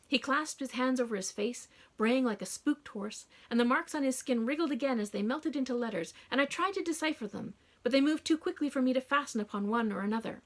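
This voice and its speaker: A woman narrating a first-person audiobook in a hushed, dramatic reading. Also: high voice, fairly quick, hardly any pauses.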